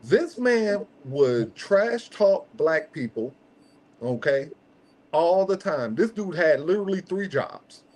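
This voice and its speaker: A man's voice: fairly high pitch, animated, slow, a little mellow. A man hosting a casual podcast chat, making emphatic points in slangy, conversational speech and checking in with "okay?" again and again. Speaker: host.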